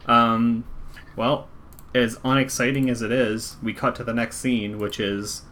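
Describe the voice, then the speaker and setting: A man acting as dungeon master in a tabletop game, narrating scenes in a relaxed, casual way. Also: medium pitch, a little slow.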